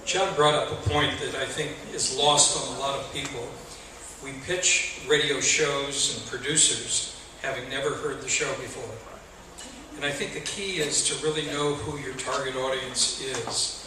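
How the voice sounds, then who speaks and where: A man on a panel giving advice in an animated way, listing examples. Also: mid-range voice, a little slow, background noise. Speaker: panelist, radio professional. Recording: echoey hall, recorded from far off.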